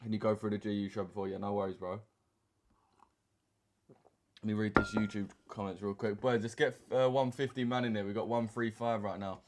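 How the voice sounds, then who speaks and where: A young man talks through his trading charts in a relaxed live stream, full of slang and banter with his viewers. His voice sits a little low. Keyboard typing and clicks come through behind him. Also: fairly quick, a little hiss or hum. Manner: laid-back banter with slang, reading chat aloud. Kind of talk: casual live-stream chat over charts. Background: keyboard typing and mouse clicks.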